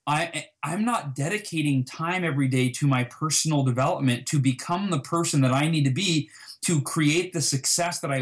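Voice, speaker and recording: Man, slightly high voice, interview guest, animated storytelling, acts out dialogue. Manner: animated, reenacts dialogue with emphasis.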